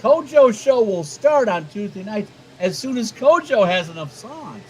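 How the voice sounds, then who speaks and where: A man's voice: high voice, sing-song, measured pace, slight background noise, low-quality recording. A man co-hosting a casual livestream chat, rambling and swearing and stumbling over repeated words. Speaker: co-host.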